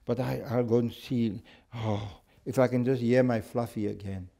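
Male teacher playing a grieving churchwoman: pleading, high cries, mellow tone. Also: steady tone, moderate pace, gravelly, natural voice. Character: grieving churchgoing woman longing for her dead dog. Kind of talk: storytelling in a church lesson.

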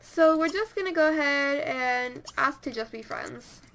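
A woman giving casual let's-play commentary, chatty and easily excited, talking straight to her game characters. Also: high voice, measured pace, vocal fry, a little hiss or hum. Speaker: gameplay commentator.

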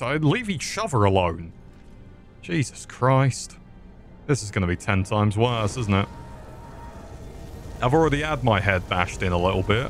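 A man with a British accent, giving crude, joking commentary as he plays a video game into a desk microphone. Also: on the low side. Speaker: gaming channel host. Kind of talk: casual gameplay commentary.

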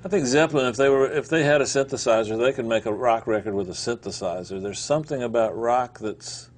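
A man with a mid-pitched, ordinary speaking voice, co-hosting a casual interview. He searches for his words and restarts often as he builds a long question. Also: brisk. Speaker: co-host.

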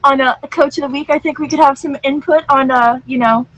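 A woman's voice: sits high, fairly even intonation, brisk, fairly bright tone, dry recording, poor audio. A woman coaching on a live-streamed singing show, gushing with effusive praise while on a train. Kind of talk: live-streamed casual chat.

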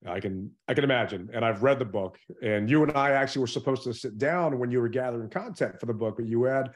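A man's voice: medium pitch, fast talker. Earnest male interview host. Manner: earnest, openly emotional questioner. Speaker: show host. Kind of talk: interview questions.

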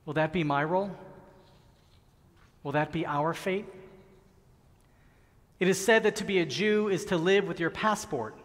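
A middle-aged man giving an earnest, measured sermon as a rabbi, with slow, emphatic pauses. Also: high-pitched. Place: large synagogue sanctuary. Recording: long reverb of a large hall.

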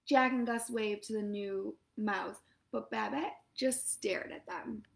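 A woman reading a storybook aloud to children, lively and expressive. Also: medium pitch, slow pace, creaky, hardly any pauses, poor audio.

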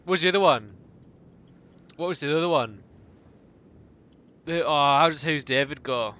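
A young man streaming a game with loud outbursts, swearing and snatches of sung pop songs. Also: a little high, moderate pace, highs cut off. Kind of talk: casual gaming livestream chatter.

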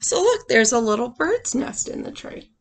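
A young woman teacher reading a picture book aloud to small children, with expressive sound effects and questions to the class. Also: a little high, normal speed.

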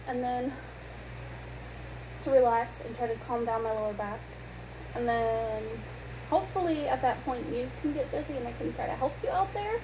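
A young woman and mother talking casually at home, brisk and matter-of-fact as she plans out the day aloud. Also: a little high, far from the mic. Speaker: mother, vlogger's wife. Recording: roomy sound from off-mic, audible hiss.

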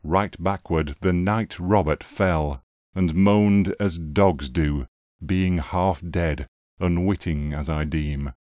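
Deep slow-spoken man reading poetry. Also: darkish tone, no room sound, clean studio sound. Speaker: reader.

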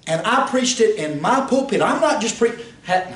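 Pastor, high voice, swoops and shouts, caught from across an echoey church room. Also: male voice, sing-song, normal speed. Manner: rhetorical questions, pitch swings, rises to shouts. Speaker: pastor teaching a Bible institute class. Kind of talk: fiery preaching. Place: church classroom. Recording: roomy, distant mic, faint hiss.

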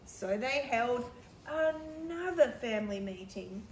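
Slow, gentle woman reading to kids. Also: fairly high pitch, reverberant, a little hiss or hum. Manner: gentle, explaining to young kids. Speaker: teacher. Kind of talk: reading her own picture book to children.

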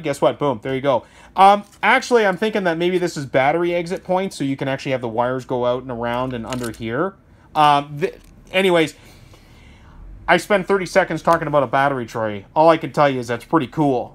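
A man, a hobby shop owner, rambling through a casual, self-deprecating product review and often checking in with the listener. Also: fairly high pitch. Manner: rambling, chatty, self-deprecating, keeps asking okay?.

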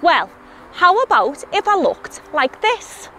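High-voiced Scouse woman explaining science. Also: big pitch swings, slow pace, music in the background. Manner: cheerful, clear explaining to young kids. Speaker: scientist presenting a kids' science video. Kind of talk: educational talk to children.

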